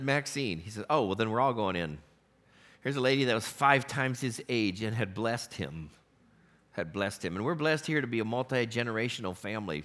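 A man's voice: mid-range voice, a bit bright. A man, a pastor, preaching a sermon in a church and telling stories with humor, often laughing. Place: church sanctuary.

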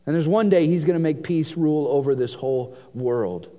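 A man preaching a sermon, reading scripture aloud and swinging between hushed and emphatic delivery. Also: a little high, fairly quick. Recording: long hall reverb.

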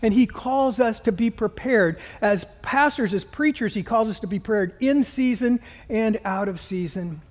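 A man's voice: sits high, normal speed, hardly any pauses, big-room sound. A man pastor preaching a sermon, earnest and emphatic, often restarting his sentences.

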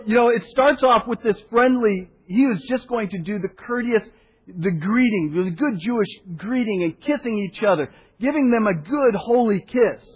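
A pastor preaching a sermon, telling the story with animated voices for the people in it and a soft hush for solemn points. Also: male voice, sits high, moderate pace, slightly rough. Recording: dull sound in a hall with long reverb.

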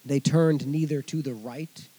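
A man preaching a sermon, reading scripture and explaining it with casual asides to his congregation, swinging between loud emphasis and quiet remarks. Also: medium pitch, steady tone, unhurried, slightly rough. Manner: expository Bible teaching, conversational asides to congregation. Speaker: pastor.

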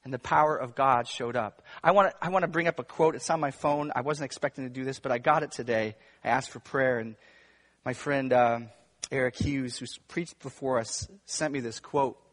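A male pastor preaching a sermon, moving between hushed, intimate stretches and emphatic, raised passages. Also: mid-range voice, normal speed. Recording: long reverb of a large room.

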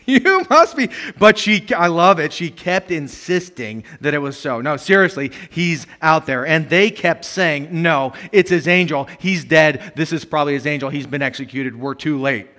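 A man preaching with a bright, forceful voice set a little high. He is animated, jumping from loud emphatic bursts down to hushed asides, and laughs often as he talks. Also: moderate pace, hardly any pauses. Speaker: pastor. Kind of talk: sermon.

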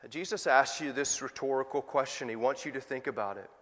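A male pastor preaching a sermon, moving from loud emphatic questions to soft, quiet asides. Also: mid-range voice, a little fast, in a large hall.

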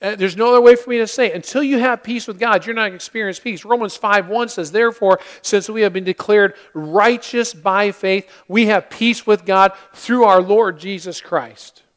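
A male pastor delivering a Christmas-season sermon in earnest tones, with dramatic pauses, telling a story with acted-out voices. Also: high-pitched. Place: church sanctuary.

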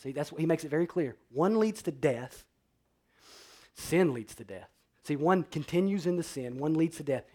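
Man preaching, fairly high voice, dynamic delivery, loud then hushed. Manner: dynamic preaching, swings from loud emphatic to quiet. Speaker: pastor. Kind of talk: sermon.

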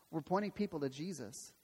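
A man's voice: fairly high pitch, husky. A man pastor preaching a sermon in a church, earnest and emphatic, repeating phrases for weight. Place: church sanctuary. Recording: long hall reverb.

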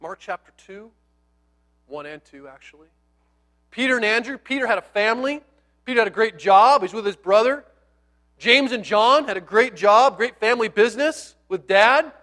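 A male pastor preaching a sermon in a conversational, animated storytelling style with playful asides, dropping to a near hush on key words. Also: sits high, moderate pace.

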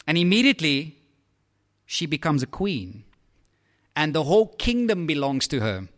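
A man preaching a sermon in a lively, conversational way, with asides to his listeners. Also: on the high side, moderate pace.

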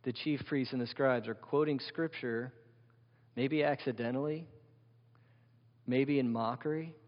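A man's voice: medium pitch, unhurried. A man preaching a sermon as pastor, vivid and emphatic, asking the congregation rhetorical questions. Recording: dull sound with long hall reverb.

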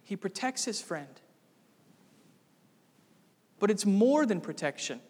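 A man preaching an expository sermon as pastor, emphatic, with sudden dramatic rises in pitch and volume. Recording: long hall reverb.

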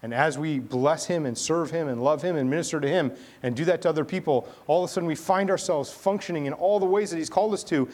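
A man's voice: fairly high pitch, fast talker, hardly any pauses, darkish tone. A man in his thirties, a pastor, preaching a sermon in a conversational storytelling way with chatty asides.

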